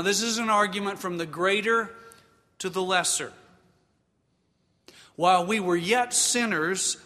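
Guy preaching a sermon, high voice, draws it all out slow, big hall echo. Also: pushed and bright. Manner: slow, emphatic preaching, has the congregation repeat lines. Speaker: pastor.

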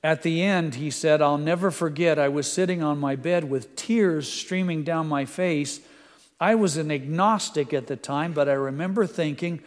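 A man preaching a sermon, reading quotes aloud in an earnest voice and moving into a quiet prayer. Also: fairly high pitch, moderate pace, long reverb tail.

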